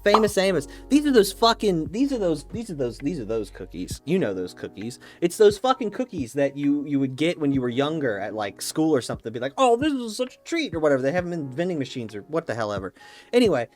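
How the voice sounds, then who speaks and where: A man's voice: a little high, very animated, quick pace, faint music behind. A man ranting casually and with mock certainty, swearing a lot and rambling through restarts. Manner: opinionated, profane, mock-dogmatic. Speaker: YouTuber ranking snacks.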